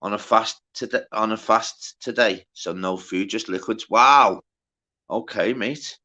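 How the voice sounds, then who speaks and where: A man's voice: on the low side, unhurried, bright, forceful tone. A man hosting a casual livestream, reading out the chat, greeting viewers by name and bantering with plenty of swearing. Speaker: livestream host.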